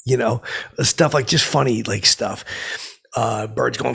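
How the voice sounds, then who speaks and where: Rambling gravelly-voiced comedy podcast host. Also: male voice, medium pitch, a bit bright. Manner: rambling, halting, full of uh and restarts. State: tired. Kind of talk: character comedy monologue.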